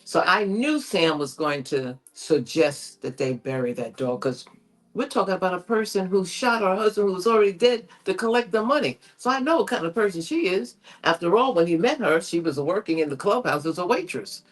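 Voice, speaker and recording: A woman's voice: fairly low pitch, expressive, fairly quick. A woman co-hosting a TV recap chat, telling the story in an emphatic, exasperated way with lots of rhetorical questions. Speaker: co-host of a TV recap show. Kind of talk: animated casual recap chat.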